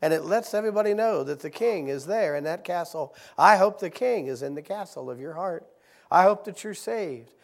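A middle-aged visiting preacher in a church sanctuary leads his congregation in call-and-response Bible reading. His voice sits high and expressive at a moderate pace, climbing from soft asides to loud, emphatic exhortation.

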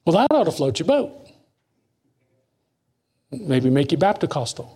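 A man preaching a sermon, reading scripture slowly and dropping to hushed asides between emphatic lines. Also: a little high, big pitch swings, slightly rough. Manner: reads scripture slowly and deliberately.

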